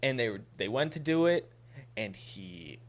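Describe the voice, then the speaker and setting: A young man co-hosting a podcast, telling crude stories in loose, animated banter. He swears freely and laughs through the telling. His voice sits at an ordinary male pitch. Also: measured pace. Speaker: podcast co-host.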